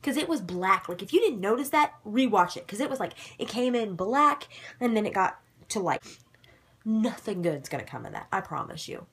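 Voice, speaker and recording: A young woman casually recapping a TV episode to camera, animated and excitable, dropping into sudden dramatic whispers. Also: medium pitch, moderate pace, slightly rough. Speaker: vlogger recapping a ghost-hunting show.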